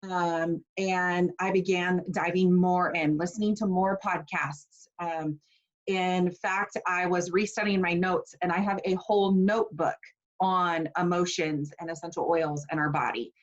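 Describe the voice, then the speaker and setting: A woman's voice: on the low side, fairly even intonation, unhurried, dull audio. A woman in her forties teaching a casual online class, chatty and personal with plenty of fillers. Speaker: essential oils class teacher.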